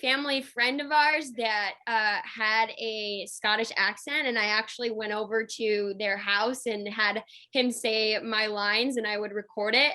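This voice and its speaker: A woman's voice: on the high side, bright, forceful tone. A woman on a panel, talking cheerfully with small laughs over a video call. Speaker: actor on a fan convention panel. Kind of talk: casual panel chat.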